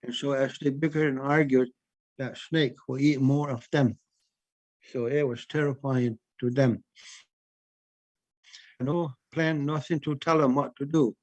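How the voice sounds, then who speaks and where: Man, traditional oral storyteller, unhurried, repeats words for emphasis, mid-pitched, dry close sound. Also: steady tone, dry recording, lo-fi sound.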